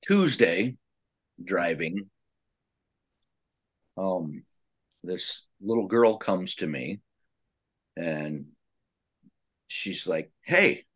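A man co-hosting a casual talk, telling a story in a slow, drawn-out way. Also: low-pitched, lively intonation, husky.

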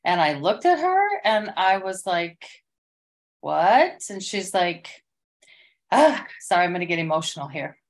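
A middle-aged woman recounts an experience in loose, rambling testimony. Her voice sits a little low, and she keeps restarting her sentences as the story gets emotional. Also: expressive, normal speed. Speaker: church member sharing an experience. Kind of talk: casual spoken testimony.

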